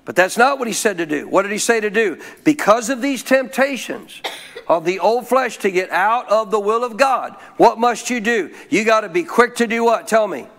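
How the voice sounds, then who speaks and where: Delivering a sermon, this pastor speaks at a moderate pace in an expressive, high-sitting voice with a fairly bright tone. He draws his listeners in by asking them questions and leading them to repeat his words.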